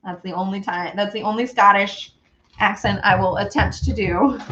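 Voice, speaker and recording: A woman's voice: mid-range voice, moderate pace, a bit bright, lo-fi sound, slight background noise. A woman hosting a casual baking stream, chatting bubbly with viewers and a small child. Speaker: baking show host. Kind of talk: casual baking livestream chat.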